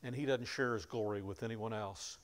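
A man preaching a sermon, retelling scripture in plain conversational words and rising to loud emphasis at key moments. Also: lowish voice, normal speed. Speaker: pastor.

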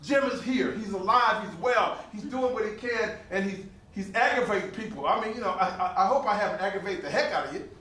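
A man's voice: high voice, a little fast, few pauses. Older man telling stories in a hall. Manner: animated, laughing storyteller with repeated phrases. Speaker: living history performer and potter. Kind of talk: storytelling to a live audience. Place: museum hall with an audience. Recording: roomy hall, voice from a distance.

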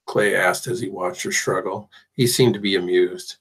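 A man reading a novel aloud as audiobook narration, steady with the odd restart. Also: fairly low pitch, moderate pace, few pauses, slightly rough, rough recording. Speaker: audiobook reader.

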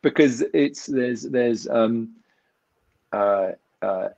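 A man's voice: medium pitch, extremely slow, gravelly, a little mellow, dry recording. A man, an actor and magician, chatting as an interview guest over a video call and telling rambling, self-mocking stories with lots of restarts. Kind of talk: casual interview storytelling. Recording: dull lo-fi video call audio.

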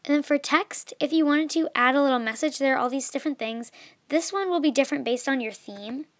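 A young woman explaining an app in a casual, chatty way, with many fillers and a voice that trails off softly. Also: sits high, a little fast, no room sound. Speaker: video tutorial maker. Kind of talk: casual screen tutorial.

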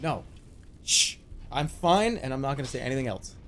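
A man's voice: medium pitch, sing-song, moderate pace, fairly bright tone, a little hiss or hum. A man in his thirties streaming a game, ranting and swearing in exasperation as he plays. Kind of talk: live gaming commentary. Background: faint game music.

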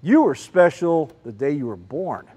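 A man, a children's ministry speaker giving an animated talk to a group of kids and calling out questions to them. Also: on the high side, moderate pace, breathy edge. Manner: animated, calls out questions to the crowd. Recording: long reverb, large hall.

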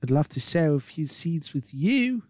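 A man's voice: a little high, very animated, a little slow, dry recording, studio quality. A man voicing a ditzy valley-girl woman on a dating show, gushing and filling every line with "like" and "you know".

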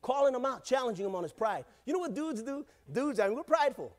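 Male pastor with a high voice, relaxed and jokey delivery, keeps asking the congregation for responses. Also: fast talker. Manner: casual, joking, calls out to the congregation. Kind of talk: sermon. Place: church.

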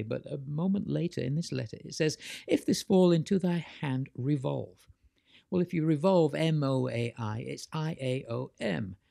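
British-born male guest, mellow and dark, creaky, animated storyteller, dry sound. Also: medium pitch, no echo. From Britain. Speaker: interview guest, author. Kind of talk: storytelling conversation.

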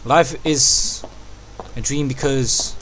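Excitable and prone to yelping, a young man narrates his own gameplay to himself as host of a gaming channel doing let's play commentary. The voice is mid-range and slow, and a little hiss or hum can be heard.

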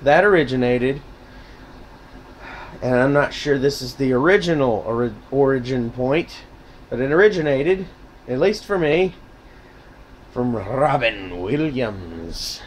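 Slow, sarcastic man rambling. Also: mid-range voice, lively intonation, a little hiss or hum. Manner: sarcastic, profane, self-mocking. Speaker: vlogger. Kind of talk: casual rambling monologue.

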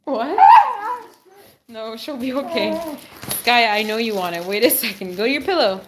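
A woman hosting a casual livestream, who talks to her dog in a high sing-song voice, drops low for asides and exclaims and laughs often. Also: normal speed, a bit bright, slight background noise.

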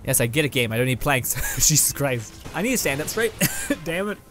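On the high side and swinging widely in pitch, this young Canadian YouTuber speaks fairly quickly with music in the background. He offers casual, rambling let's play commentary full of laughter as he plays a video game, now and then swearing at it.

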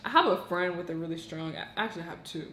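A woman's voice: fairly low pitch, fast, fairly bright tone. A woman hosting a reaction video, chatty and slangy, laughing often as she comments. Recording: echoey room with faint noise.

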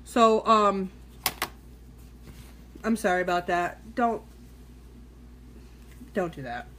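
Drawing out her words with lively intonation, a medium-pitched woman chats with live-stream viewers during a casual makeup tutorial. She's loose and a bit profane as she works, recorded on a phone or webcam with a noisy background.

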